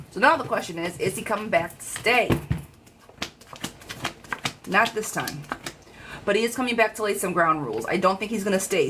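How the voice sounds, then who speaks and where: A woman giving a live-streamed tarot reading in a chatty, frank, lively way, talking straight to her viewers. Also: mid-range voice, background noise. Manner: chatty, animated, frank, calls viewers girlfriend. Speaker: tarot reader.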